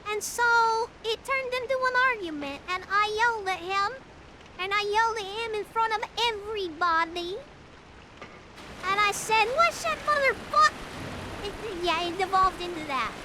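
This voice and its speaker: A young woman streamer telling stories to her chat in a casual, animated, blunt and profane way that climbs toward yelling. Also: extremely high pitch, normal speed. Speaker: live streamer. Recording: clear background noise.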